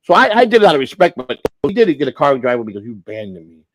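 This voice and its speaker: A man's voice: mid-range voice, very animated, very fast, dry recording. A man hosting a livestream, telling a long story in a profane, rambling way with lots of restarts. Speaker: livestream host.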